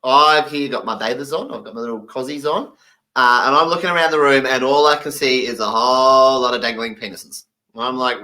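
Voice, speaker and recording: A man voicing a deaf comedian's stand-up story, animated and acting out the people he quotes. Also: medium pitch, fairly quick, low-quality recording.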